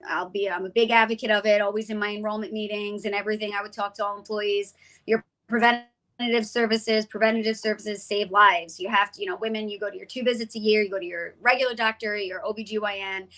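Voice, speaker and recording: A woman in her forties with a bright, sharp voice tells her story as an interview guest. She talks with feeling and acts out the lines of the people in her story. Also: mid-range voice, fast, poor audio. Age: 40s. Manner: animated storyteller, acts out quoted dialogue.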